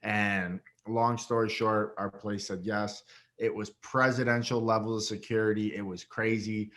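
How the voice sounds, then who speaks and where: Animated young man telling a wild story. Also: normal speed. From Rochester, New York. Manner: animated, swearing, acts out quotes with big pitch jumps. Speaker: guest, reality show winner. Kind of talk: casual storytelling interview.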